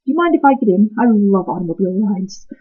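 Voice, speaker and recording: A woman voicing a stern, scolding male watchdog in a storybook reading, in a gruff manner with a husky voice on a tinny line. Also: medium pitch, lively intonation, fast. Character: grumpy stern male watchdog with clock body. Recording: tinny phone-like sound.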